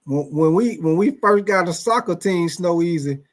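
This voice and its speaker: Cussing sports streamer, higher voice. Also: male voice, expressive, moderate pace. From Atlanta, USA. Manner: profane, loose storytelling, addresses viewers by name. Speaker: sports livestream host. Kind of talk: casual live-stream chat.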